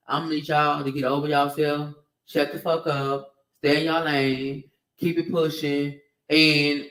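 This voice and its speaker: A man's voice: a little high, fairly bright tone, distant mic. A man ranting in an opinion vlog, heated and emphatic, swearing often and hammering the same points again and again. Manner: heated, emphatic, profane, repetitive. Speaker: video commentator. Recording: echoey room, off-mic.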